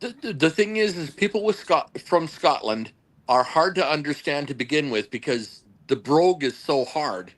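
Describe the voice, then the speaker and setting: A man's voice: fairly high pitch, animated, normal speed. A man co-hosting a casual beer podcast, blunt and wry, swearing now and then. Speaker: podcast co-host. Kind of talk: casual chat.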